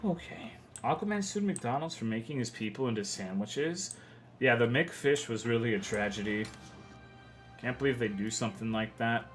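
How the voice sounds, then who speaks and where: A man's voice: medium pitch, lively intonation, normal speed, fairly bright tone, soft background music. A young man from Texas giving rambling, profane commentary while livestreaming a video game, reading and answering chat. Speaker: game streamer.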